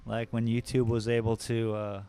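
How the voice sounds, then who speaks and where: A man's voice: medium pitch, monotone, normal speed, warm tone, clean tone. A man hosting a live drawing stream, chatting casually and rambling between jokes. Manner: laid-back, rambling, joking.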